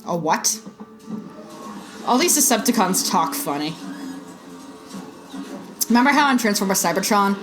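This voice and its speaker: A woman's voice: mid-range voice, expressive, unhurried, pauses often, over music. A woman giving a casual reaction commentary to a cartoon, chatty and joking, laughing between remarks and swearing now and then. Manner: occasional swearing. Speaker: video reactor.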